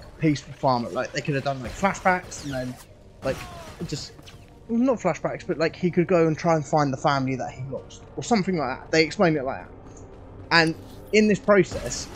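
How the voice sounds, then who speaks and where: A man streaming casually, rambling excitedly with lots of fillers and swearing as he thinks aloud. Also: a little high.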